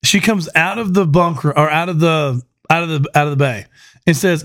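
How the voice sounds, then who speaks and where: Profane, animated man hosting a podcast. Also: fairly high pitch, moderate pace. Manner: profane, animated storyteller who laughs often. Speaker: podcast host. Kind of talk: casual storytelling chat.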